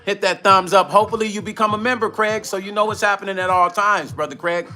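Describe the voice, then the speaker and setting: An older man with a New York accent chats loosely with his livestream viewers, full of slang and shout-outs. His voice sits high and sounds bright and forceful. Soft music plays faintly in the background. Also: fairly even intonation, quick pace. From Brooklyn, New York. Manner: slangy, repetitive, shout-outs to chat, laughs often. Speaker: music vlogger hosting a livestream. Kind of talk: casual livestream chat with viewers.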